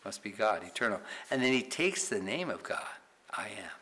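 A man's voice: on the low side, sing-song, moderate pace, pushed and bright, poor audio. A man teaching a Bible study in sermon style, emphatic, asking rhetorical questions and tagging points with "right?".

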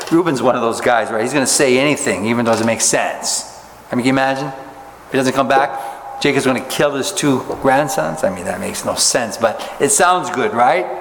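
A man's voice: mid-range voice, a bit bright. A male pastor preaching in a long-echoing church sanctuary, with faint ambient noise in the background. He speaks in a folksy, conversational way and keeps turning to his listeners with rhetorical questions. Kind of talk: sermon with scripture reading.

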